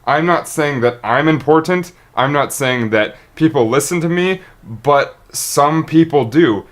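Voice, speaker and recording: A man's voice: on the high side, a little slow. A man, a streamer, talking unscripted to his viewers in a rambling, earnest way, often restarting and tripping over his words. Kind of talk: unscripted monologue to camera.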